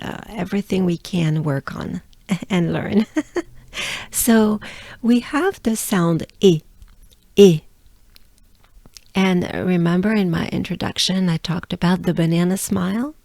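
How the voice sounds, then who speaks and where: A woman's voice: on the low side, creaky, darkish tone, no room sound. A woman from France with a French accent, teaching pronunciation patiently and repeating sounds for practice. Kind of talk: friendly pronunciation lesson.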